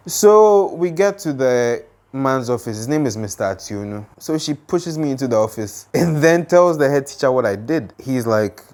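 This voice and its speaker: A young man casually telling a childhood story, lively and dramatic, with lots of fillers. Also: mid-range voice, brisk.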